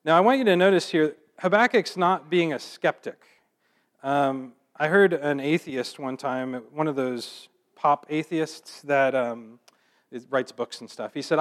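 A man giving a sermon, reading scripture aloud and then explaining it in a relaxed, conversational way. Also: on the high side, unhurried. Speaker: preacher.

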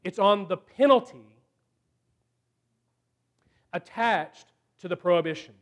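A man preaching a sermon, slow and emphatic, with dramatic pauses between phrases. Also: high voice, muffled recording.

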